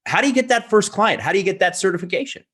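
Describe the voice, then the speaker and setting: A man co-hosting a podcast in casual chat, asking quick questions. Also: high voice, expressive, fairly bright tone, breathy edge. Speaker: podcast co-host.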